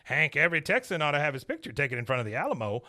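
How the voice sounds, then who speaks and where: A podcast host doing a bossy old Texan father who barks orders in a raised voice. It is bright and lively, with wide pitch jumps. The quote stays light and conversational. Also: racing, heavily acted.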